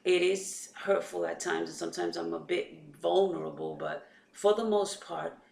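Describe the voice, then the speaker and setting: A woman's voice: on the low side, fairly even intonation, moderate pace, gravelly, darkish tone. A woman, chatting casually to viewers about her sons and her faith, retelling conversations as she goes. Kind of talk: casual chat to camera. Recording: echoey room.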